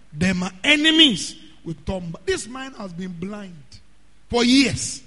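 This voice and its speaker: A man preaching a sermon, often shouting and drawing out words. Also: high-pitched, big pitch swings, slow. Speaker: pastor. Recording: hall reverb.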